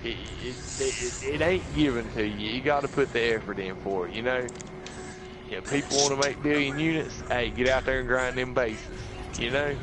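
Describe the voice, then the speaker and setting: A man hosting a casual gaming livestream, excitable and folksy, laughing often. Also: mid-range voice, normal speed, noisy background. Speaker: livestream host.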